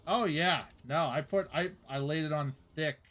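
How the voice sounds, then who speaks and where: Streamer, young adult male, slightly high voice, rambling casual storyteller, faint music under. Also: moderate pace, fairly bright tone. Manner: rambling, with many fillers and laughs.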